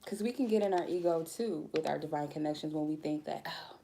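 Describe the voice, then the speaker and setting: Woman tarot reader, low gravelly voice, goofy but blunt, swears casually. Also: fast, warm tone, a little hiss or hum. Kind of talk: casual spiritual vlog talk.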